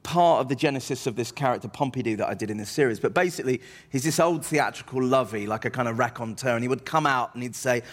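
A man's voice: mid-range voice, quick pace, few pauses. A man, a comedian telling rambling, self-deprecating stories as an interview guest. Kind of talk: anecdotal interview chat.

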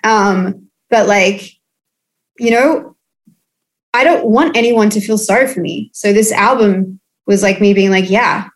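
A woman's voice: mid-range voice, unhurried. A woman in her thirties from Australia, a musician guest on a video call, talking candidly and casually with many fillers and restarts. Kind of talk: candid interview chat.

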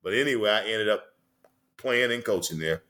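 A man's voice: on the low side, normal speed, pushed and bright. A man in his sixties, a former basketball player and coach, telling long rambling stories in a casual interview, full of "you know" fillers.

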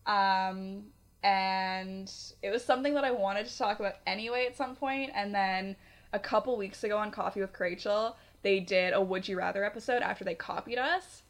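A Canadian woman in her twenties co-hosts a casual podcast in a mid-range voice at a moderate pace. She's chatty, uses lots of fillers and laughs often.

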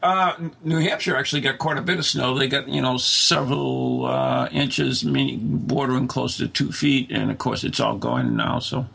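A man's voice: mid-range voice, moderate pace, creaky, few pauses, pushed and bright, breathy edge. A man hosting a casual chat show, joking and teasing. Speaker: host.

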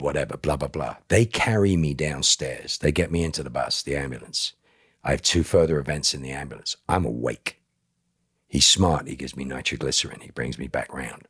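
A man's voice: extremely low pitch, breathy edge, no room sound, clean studio sound. A man in his fifties, a podcast guest, telling a dramatic personal story bluntly and with emphasis, swearing and acting out what others said. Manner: blunt, emphatic, swears, acts out quoted speech. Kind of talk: emotional storytelling.

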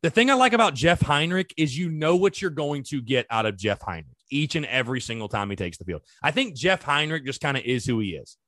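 A man's voice: medium pitch, expressive, brisk, few pauses, sharp tone, no room sound. A man hosting a sports podcast, talking casually and animatedly straight to his listeners. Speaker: podcast host. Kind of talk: solo sports podcast talk.

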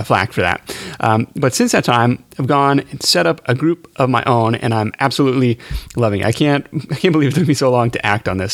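A man's voice: mid-range voice, vocal fry, no echo. A man hosting a podcast in casual chat, talking in a chatty, self-deprecating way with plenty of fillers. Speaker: podcast host.

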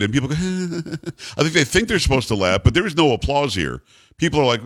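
Hosting a talk radio show, this middle-aged man from the United States is animated, sarcastic and opinionated as he riffs with his co-host. He speaks a little high and a little fast.

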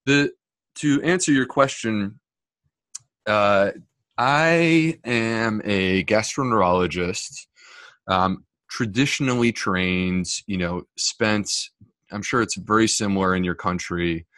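A man's voice: fairly low pitch, takes it slowly, dry recording, studio quality. A middle-aged American man, a gastroenterologist, talking casually and jokingly as a podcast guest over a remote call. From United States. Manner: chatty, joking, animated asides.

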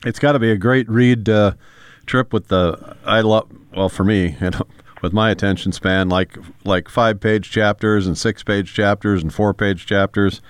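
Male host, low voice, relaxed, dry close sound. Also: normal speed, smooth, no echo. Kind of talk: casual interview.

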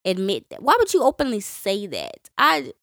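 A woman's voice: medium pitch, wildly swooping pitch, creaky, a bit bright, no echo, studio quality. Woman retelling stories on a podcast. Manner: conversational, recounting stories with frequent fillers and quick asides. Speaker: podcast co-host. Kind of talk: casual storytelling chat.

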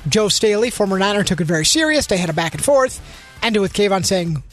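Co-host type: higher-pitched man, deadpan, casual sports talk. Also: moderate pace, faint music behind.

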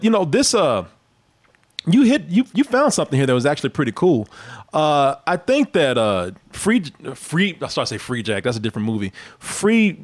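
A man in casual, profane conversation about movies, animated and quick to laugh. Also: mid-range voice. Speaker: podcast co-host. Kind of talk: casual movie-review chat.

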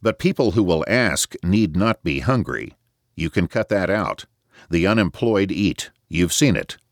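A man's voice: sits low, lively intonation, measured pace, no echo, studio quality, pitched above the performer's own voice, full character voice. A man voicing a cynical, aggressive stockbroker who talks in a blunt, sneering way in an audiobook. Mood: truculent.

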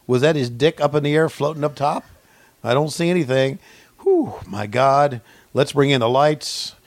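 A man co-hosting a podcast, riffing a profane mock play-by-play that swings from low mumbling to yelled excitement. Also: moderate pace, no echo. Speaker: podcast co-host.

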